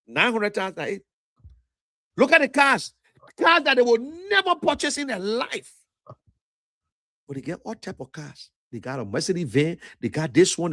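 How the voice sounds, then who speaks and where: A man's voice: high-pitched, a bit bright, dry recording. A man with a Liberian accent, hosting a livestream and lecturing in an emphatic, repetitive political rant. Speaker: livestream host.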